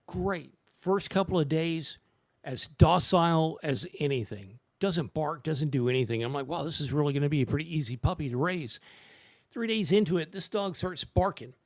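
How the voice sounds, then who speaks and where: A middle-aged man hosting a podcast, telling a long story in casual chat and swinging into loud, high quoted voices. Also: moderate pace, gravelly, no echo, clean studio sound. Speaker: podcast host.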